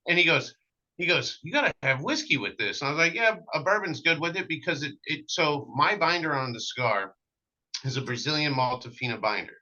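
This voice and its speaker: Man guest, storyteller, very bright tense voice, dull lo-fi sound, lots of ums and restarts. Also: on the high side, fairly quick. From American Midwest. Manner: animated anecdotes with many fillers and restarts. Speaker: cigar maker, guest. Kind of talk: casual storytelling interview.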